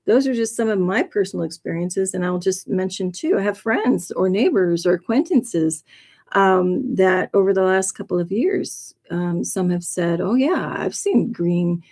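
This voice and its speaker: Rambling woman telling a personal story. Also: moderate pace. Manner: rambling, many fillers and restarts; lively, jumps in pitch when excited. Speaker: livestream host. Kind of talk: casual storytelling monologue.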